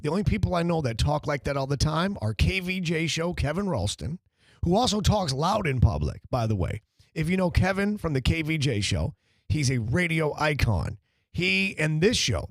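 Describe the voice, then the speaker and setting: A man hosts sports talk radio from a dry, close studio mic. His somewhat high voice swoops up and down as he riffs and needles his co-hosts. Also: no room sound. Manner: animated, riffing, teasing co-hosts. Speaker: radio show host. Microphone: studio microphone.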